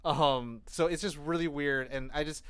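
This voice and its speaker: A man co-hosts a casual podcast, rambling at length in an animated way and swearing often. His voice is smooth and resonant, recorded dry and close with no room echo. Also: on the high side, normal speed. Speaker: podcast co-host. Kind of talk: casual chat.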